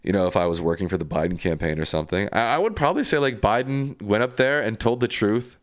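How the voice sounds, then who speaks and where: A man's voice: fairly low pitch, fast, dry recording, clean studio sound. A man hosting a live stream, reading viewer comments aloud and answering them in a casual, plainspoken way.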